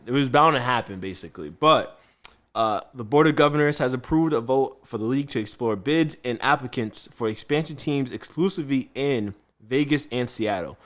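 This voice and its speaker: Chef guy hosting a podcast, telling stories, laughing a lot. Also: mid-range voice. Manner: animated storyteller, laughs often. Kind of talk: casual podcast chat.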